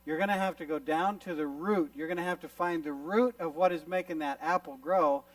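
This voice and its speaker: A man gives a youth sermon in a fairly high voice, bringing his illustrations to life by acting out small scenes. He sounds set back from the microphone. The room sound is dry, with little echo. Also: fairly quick, vocal fry, far from the mic. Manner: animated storyteller who acts out little scenes. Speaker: youth conference speaker. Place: camp meeting hall.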